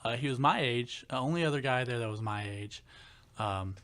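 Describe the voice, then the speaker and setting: A man's voice: medium pitch, normal speed, fairly bright tone. A young man in his twenties, co-hosting a casual podcast, telling a story animatedly and laughing often. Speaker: podcast co-host.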